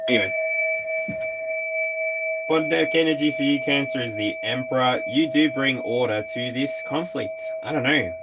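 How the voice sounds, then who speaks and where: A man's voice: mid-range voice, normal speed, pauses often, over loud music, low-quality recording. An Australian man giving an intuitive tarot reading, talking straight to each star sign in a musing, tentative way. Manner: musing, tentative, talks to signs directly. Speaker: tarot reader.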